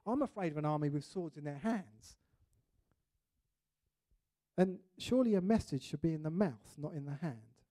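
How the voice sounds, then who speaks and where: A man preaching a sermon in an animated way, acting out little scenes and voices. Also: a little high, moderate pace, long pauses.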